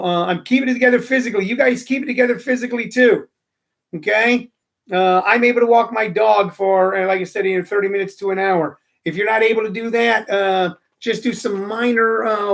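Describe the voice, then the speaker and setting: Middle-aged guy rambling on a live stream, gravelly, lots of uhs and ums. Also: sits high. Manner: rambling, chatty, many fillers. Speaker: comedy radio show host. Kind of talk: casual live-stream chat. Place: room with phone and microphone. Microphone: studio microphone.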